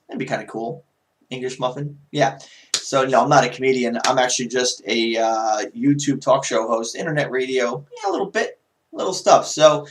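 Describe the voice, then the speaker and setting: A man hosting his own internet talk show, rambling through the news in a sarcastic, animated monologue. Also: a little high. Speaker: YouTube talk show host. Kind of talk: casual political commentary monologue.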